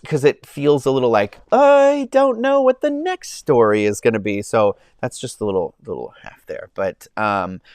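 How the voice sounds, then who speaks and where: Young man, casual streamer, smooth and clear, dry close-mic sound, rambly and effusive. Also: mid-range voice, dry recording. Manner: rambling, many fillers and restarts, gushing. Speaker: movie review livestream host. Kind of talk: casual chat. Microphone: own microphone, close.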